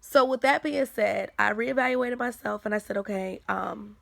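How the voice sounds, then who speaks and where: An earnest woman gives a casual faith testimony on her livestream, repeating key points to drive them home. Her voice sits a little high, with a gravelly fry. The sound is dry and close. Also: normal speed, no echo.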